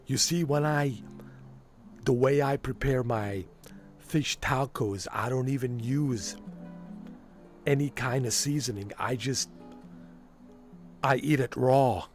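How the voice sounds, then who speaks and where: A man doing an impression of a boastful older ex-commando celebrity, talking in a slow, self-important drawl. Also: mid-range voice, faint music behind, lightly acted.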